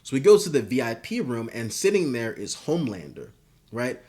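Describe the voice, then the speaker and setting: A man pitching a story idea in casual, rambling talk, swearing and filling gaps with "uh" and "like". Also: very animated, fairly quick, dark tone. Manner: rambling and profane, with many fillers. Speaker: video creator.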